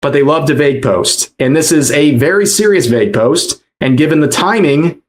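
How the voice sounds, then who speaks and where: A man narrating online drama commentary in a measured, explanatory way, often repeating his key points. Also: on the high side.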